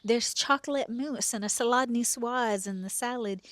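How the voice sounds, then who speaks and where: A woman in her forties hosting a podcast, telling a personal story in a casual, animated way, dropping to hushed asides and acting out what people said. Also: a little high, moderate pace. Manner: animated, drops to hushed asides, quotes herself.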